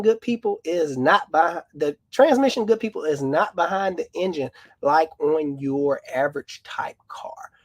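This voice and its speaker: A man's voice: on the high side, no room sound. A man, a mechanic co-hosting a casual live car Q&A, who explains at length in a folksy way. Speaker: mechanic, co-host.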